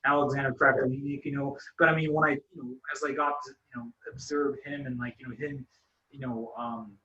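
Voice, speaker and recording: A man interviewing in a casual chat, eager and quick to chime in. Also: medium pitch, little pitch movement, bright, forceful tone, roomy sound, dull audio.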